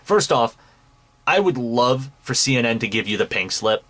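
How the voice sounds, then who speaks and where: A man's voice: medium pitch, animated, moderate pace, a bit bright. A young man hosting a commentary show, ranting angrily with heavy swearing and mocking scorn. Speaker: commentary podcast host. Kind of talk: angry profane commentary.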